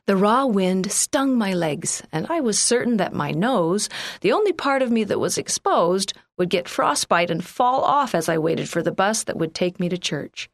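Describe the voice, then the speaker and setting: A woman reading a first-person church magazine article aloud in a measured, earnest way. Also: mid-range voice, very animated, dry recording, clean studio sound. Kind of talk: scripted first-person narration.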